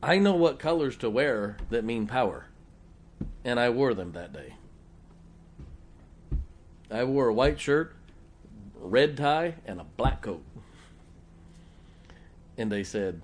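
A middle-aged pastor with a drawl delivers a folksy, joking sermon, laughing along with his listeners. His voice sits at an ordinary pitch for a man. A faint hiss of background noise runs under the recording. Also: animated, slow pace, long pauses.

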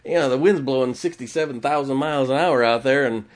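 A man's voice: mid-range voice, fast talker. A man preaching a conversational sermon in a folksy way, often laughing as he talks.

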